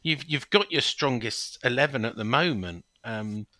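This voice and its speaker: A man's voice: medium pitch, normal speed, bright, forceful tone, no echo. A man co-hosting a casual football chat, telling playful anecdotes. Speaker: podcast co-host.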